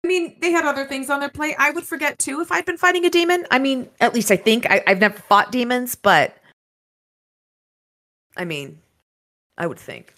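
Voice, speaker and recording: A woman co-hosting a podcast in casual book-discussion chat, relaxed and quick to laugh. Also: high-pitched. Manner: relaxed, laughs easily, agreeable. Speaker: podcast co-host.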